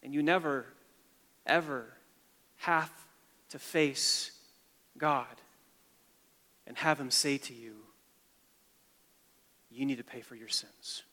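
A man preaching a sermon, swinging between emphatic, rising declarations and quiet, hushed lines. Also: mid-range voice, takes it slowly, long pauses. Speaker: pastor. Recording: long hall reverb.

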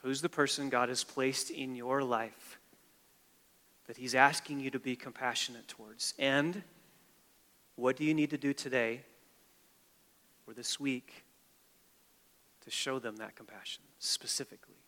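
A man preaching a sermon, swinging between emphatic, rising declarations and quiet, hushed lines. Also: mid-range voice, steady tone, measured pace, long pauses. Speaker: pastor. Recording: long hall reverb.

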